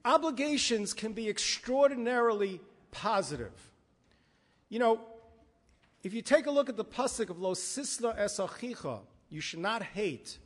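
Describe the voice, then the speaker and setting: High-voiced rabbi teaching in a hall. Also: male voice, normal speed. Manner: lively storyteller, emphatic. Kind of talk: Torah class with jokes. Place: synagogue hall. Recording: long reverb of a large hall.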